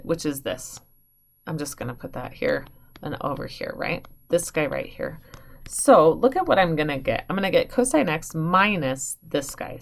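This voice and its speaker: A woman's voice: sits low, gravelly. A woman math teacher working through a problem aloud for her students, chatty and enthusiastic, often correcting herself as she goes. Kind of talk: recorded online math lesson.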